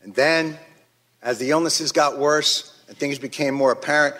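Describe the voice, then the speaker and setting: A man's voice: on the high side, normal speed, pushed and bright. A man giving angry, emphatic testimony at a hearing in a large chamber. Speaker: witness testifying at a congressional hearing. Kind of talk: impassioned prepared testimony. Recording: long reverb of a large hearing room.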